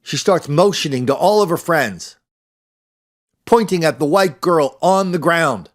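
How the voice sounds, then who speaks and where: A man's voice: on the high side, lively intonation, a little slow. An older man hosting a podcast, delivering a sarcastic commentary monologue and slipping into mocking impressions. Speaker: podcast host.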